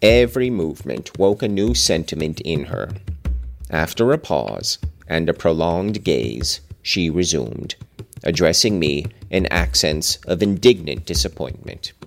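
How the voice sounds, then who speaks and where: A man's voice: sits low, animated, measured pace, creaky, faint music behind. A man reading a classic novel aloud and breaking off for wry, joking commentary. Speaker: reader and host.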